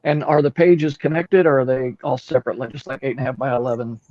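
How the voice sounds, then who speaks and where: A man's voice: medium pitch, steady tone, fast, warm tone, no room sound, muffled recording. A man chatting casually on a stream call, curious and full of questions, swearing lightly now and then. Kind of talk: casual chat.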